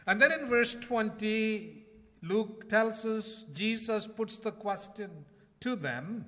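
A man preaching a sermon in a conversational way, asking rhetorical questions and swinging between loud emphasis and quiet asides. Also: high voice, lively intonation, slow. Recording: long hall reverb.

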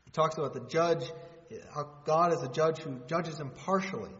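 A man preaching in a conversational, joking way, tossing out rhetorical questions. His voice sits a little high. The sound is dull, with a long hall reverb. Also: normal speed, fairly bright tone. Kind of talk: sermon. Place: church hall.

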